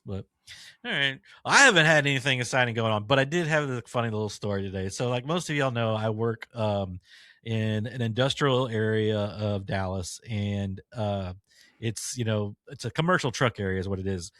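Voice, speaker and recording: A man's voice: lowish voice, normal speed, bright, forceful tone, no echo, studio quality. A man co-hosting a podcast, laid-back and telling stories with frequent laughs. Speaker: podcast co-host. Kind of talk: casual chat.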